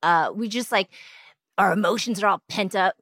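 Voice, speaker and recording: A woman's voice: medium pitch, normal speed, fairly bright tone, no room sound, clean studio sound. A woman co-hosting a casual chat, talking reflectively and laughing easily. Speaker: co-host.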